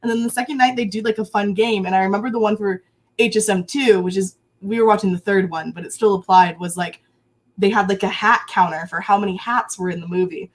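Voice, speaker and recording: A woman in her early twenties talks as a guest in a relaxed chat, with a pitch in the usual middle range. She tells stories animatedly and laughs often. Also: a little fast. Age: 20s. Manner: animated, lively storytelling with frequent laughs. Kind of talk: casual chat.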